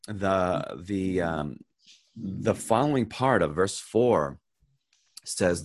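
Slow, deep-voiced man teaching Bible study. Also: big pitch swings, no echo. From United States. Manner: unhurried, thinking aloud with fillers and restarts. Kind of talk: casual Bible lesson with opening prayer. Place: online video call, sharing a screen.

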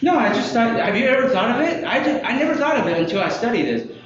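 Animated man teaching in an echoey room. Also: extremely high pitch, fast, dull audio, crowd noise. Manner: animated, asks listeners questions, laughs often. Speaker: Bible study teacher. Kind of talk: interactive Bible lesson.

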